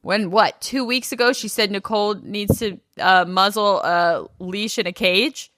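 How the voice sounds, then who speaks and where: A woman's voice: medium pitch, fairly even intonation, a little slow, a bit bright, dry recording, clean studio sound. A woman co-hosting a podcast, chatting casually and bluntly about a reality show, laughing often. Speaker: podcast co-host.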